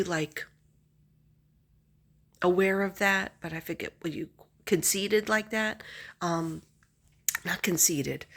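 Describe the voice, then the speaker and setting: Casting: husky, lower-pitched middle-aged woman, rambling chatty vlogger who laughs a lot. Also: a bit bright. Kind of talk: casual chat to camera.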